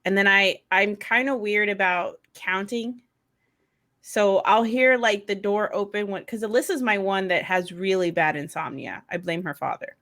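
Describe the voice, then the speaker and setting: Laughing, foul-mouthed mom in casual chat. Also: female voice, medium pitch, normal speed, a bit bright. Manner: laughs often, blunt and swears casually. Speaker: podcast co-host, mother.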